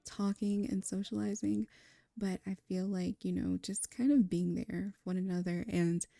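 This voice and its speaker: A woman's voice: on the low side, fairly even intonation, normal speed, gravelly, no room sound, faint music behind. A young woman narrating a life-sim game story in a casual, chatty way, laughing often, on a close mic. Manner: chatty and warm, with frequent laughs and fillers. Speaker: gameplay storyteller.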